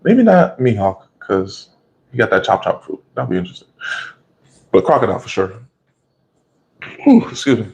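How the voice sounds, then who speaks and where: A man giving a casual, profane, animated recap of an anime episode, often laughing and acting out the scenes. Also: fairly low pitch, normal speed, long pauses, low-quality recording.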